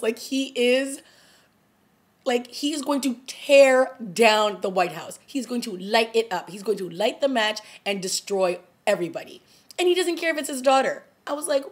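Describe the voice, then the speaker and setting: A young woman casually reviewing a TV episode as a vlogger, animated and chatty, often laughing and acting out lines from scenes. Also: mid-range voice, slow pace.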